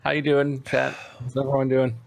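A man co-hosting a gaming podcast in casual chat, with dry, deadpan teasing. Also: medium pitch, normal speed, gravelly, no room sound. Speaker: podcast co-host.

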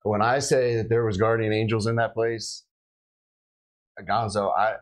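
A middle-aged man with a lowish voice tells his story casually, animated, jumping into the voices of the people he quotes. He speaks as a police officer chatting on a podcast. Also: measured pace, rough recording. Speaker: police officer recounting a shooting.

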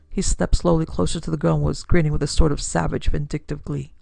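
A woman's voice: low-pitched, little pitch movement, fast talker, gravelly, darkish tone, dry recording. A woman narrating a classic pulp detective story with dramatic storytelling for her podcast. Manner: dramatic storytelling, builds force in action scenes.

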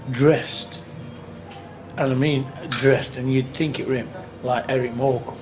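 Over music, a tribute band singer unhurriedly tells a casual, rambling anecdote with a flat delivery and medium pitch. He swears, keeps it earthy, and acts out what people said, in a noisy on-location recording.

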